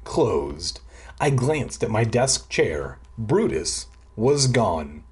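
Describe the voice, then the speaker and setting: A man's voice: lowish voice, very animated, extremely slow, a little mellow, slightly rough. Sarcastic man reading a spooky kids' book. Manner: sarcastic asides mocking the text. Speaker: reader. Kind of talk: comic drunk read-aloud of a kids' horror book. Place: at home.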